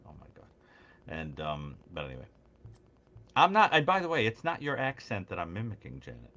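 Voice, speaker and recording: Deep-voiced man in playful chat. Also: huge pitch swings, brisk, pushed and bright, dull audio. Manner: playful, teasing, laughs easily. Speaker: podcast guest. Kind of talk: casual call-in chat.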